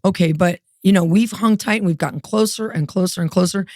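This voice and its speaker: Brief: expressive female storyteller, dry close sound, animated delivery. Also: lowish voice, fairly quick, no echo. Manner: animated, acts out quoted voices. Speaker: podcast guest, minister. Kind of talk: storytelling in a podcast interview.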